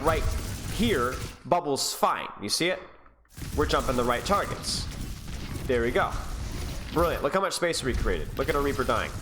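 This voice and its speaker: A man who is sick, coaching a player through a gameplay review in an exasperated, teasing way, his voice climbing when frustrated. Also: medium pitch. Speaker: game coach.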